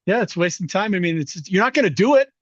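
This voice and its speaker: A middle-aged man chatting on a podcast, his voice pitched a little high and swinging widely as he acts out quotes. The sound is dull and dry, close to the mic. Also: quick pace, no room sound. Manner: animated storyteller, swears freely, acts out quotes. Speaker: podcast co-host. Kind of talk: casual chat.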